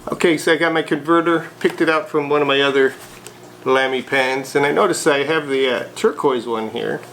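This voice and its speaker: A man vlogging a casual unboxing of a fountain pen, chatty and relaxed with frequent hesitations. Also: a little high, brisk, slight background noise, low-quality recording.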